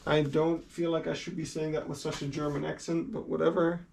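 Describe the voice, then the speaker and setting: A man's voice: fairly high pitch, little pitch movement, normal speed, gravelly, few pauses, a little mellow. A young man, a native Dutch speaker, chatting casually and laughing often as he streams from home while sorting a collection. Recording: distant mic with faint hiss.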